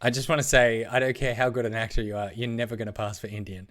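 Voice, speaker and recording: A man's voice: medium pitch, fairly even intonation, quick pace, a bit bright. Bantering male esports co-host. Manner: playful, teasing, rambling with many fillers. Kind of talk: casual on-air banter.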